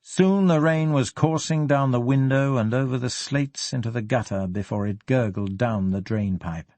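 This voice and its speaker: A man narrating an audiobook in a steady, even-paced reading. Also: medium pitch, normal speed, no echo.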